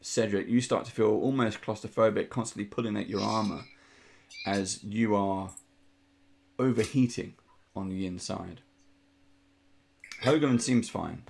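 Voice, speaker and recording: A man narrating a tabletop game as game master, descriptive and unhurried with frequent ums. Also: lowish voice, gravelly, darkish tone.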